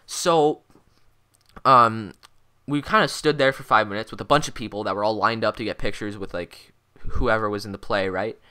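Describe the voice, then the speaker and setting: Excitable teenage boy telling a rambling story. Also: fairly low pitch, moderate pace, smooth. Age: teens. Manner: excitable, swears constantly, rambling with many fillers. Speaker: vlogger. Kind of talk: casual storytelling vlog.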